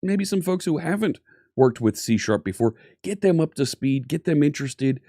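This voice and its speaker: A man's voice: fairly high pitch, animated, normal speed, mellow, dry recording, studio quality. Upbeat man hosting a live stream. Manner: upbeat, greets viewers by name. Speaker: live-stream coding host. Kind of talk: casual live-stream chat.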